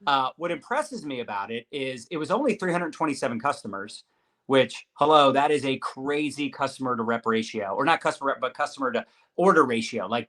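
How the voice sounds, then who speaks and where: A man's voice: mid-range voice, fairly bright tone. A man hosting a live-streamed interview over a video call, talking in an upbeat, hyped-up motivational way. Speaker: host.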